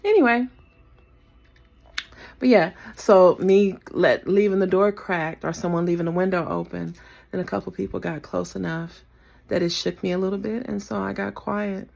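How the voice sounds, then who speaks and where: A woman's voice: on the low side, steady tone, moderate pace, gravelly, a little mellow. A woman vlogging a reflective casual rant into her phone camera, laughing now and then. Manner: reflective, talks to herself, laughs often.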